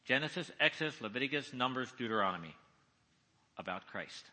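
A man preaching at a conference, reading scripture slowly and with emphasis and asking his listeners questions. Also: medium pitch, animated, pushed and bright. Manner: reads slowly, deliberately, with emphasis; asks the audience questions. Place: large conference hall. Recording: echoey hall reverb.

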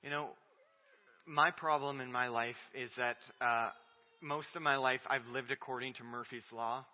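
A man preaching a sermon, swinging between loud declarations and quiet, low asides. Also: steady tone, moderate pace. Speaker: pastor. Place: church sanctuary. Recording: dull audio with long church reverb.

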